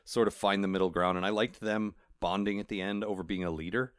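A man's voice: fairly low pitch, fairly even intonation, fast, clean tone, no echo, clean studio sound. A man co-hosting a casual podcast, chatty and enthusiastic as he discusses a novel. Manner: chatty, enthusiastic, trails off and restarts. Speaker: podcast co-host.

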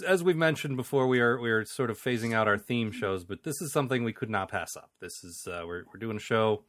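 Podcast host, male, slightly low, loose rambling delivery, dry studio sound. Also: fairly bright tone, no echo. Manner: rambling with frequent restarts and laughs. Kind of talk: casual chat.

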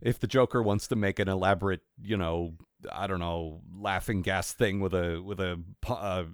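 A man's voice: low voice, fairly even intonation, moderate pace, smooth, no room sound, clean studio sound. A man co-hosting a podcast in casual chat, rambling and wry, full of fillers and restarts. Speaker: podcast co-host.

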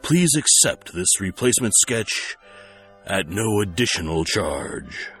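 A man's voice: fairly low pitch, sing-song, takes it slowly, a bit bright, husky, soft background music. A man hosting a comedy podcast with dry, mock-formal scripted narration. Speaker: host.

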